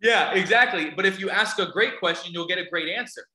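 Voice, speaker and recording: A man's voice: high-pitched, a little fast, bright, forceful tone, echoey room, rough recording. A man giving a motivational talk to a live audience, telling stories and asking the listeners questions. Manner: storytelling, asks the audience questions. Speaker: motivational speaker.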